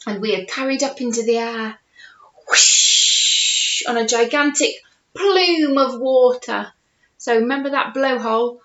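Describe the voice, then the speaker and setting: This woman teacher's voice is fairly high, moving at normal speed as she reads a picture book aloud to young children at home. Playful and lively, she asks them questions, and the roomy, dull home recording was made in a house with a conservatory.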